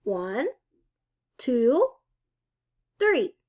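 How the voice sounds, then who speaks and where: A woman's voice: fairly high pitch, very animated, drawn-out words, a little mellow, highs cut off, exaggerated voice. A woman reading aloud, voicing a fussy, worried mother who scolds her sons. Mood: firm. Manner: anxious, scolding, emphatic.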